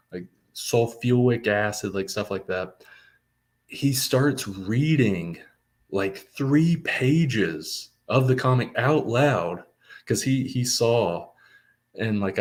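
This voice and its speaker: A young man, a comics writer and guest, telling a story with excitement and lots of filler words. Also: lowish voice. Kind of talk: casual storytelling.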